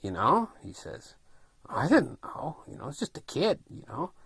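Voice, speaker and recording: A man's voice: on the high side, wildly swooping pitch, a little slow, creaky, fairly bright tone, breathy edge, no echo, clean studio sound. A man in his fifties telling a long childhood story in a rambling, folksy way, with many fillers. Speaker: vlogger. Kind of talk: casual storytelling.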